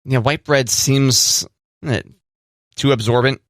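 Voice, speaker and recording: A man's voice: medium pitch, a little slow, no room sound, clean studio sound. A man co-hosting a casual podcast, teasing and joking with his co-host. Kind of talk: casual chat.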